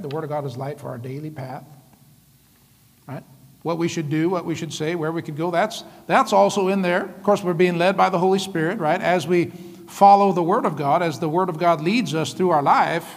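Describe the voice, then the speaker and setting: High-voiced pastor guy, gravelly, keeps going "come on, right?", big church echo. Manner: lively, laughing often, calls out "come on" and "right?". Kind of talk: sermon.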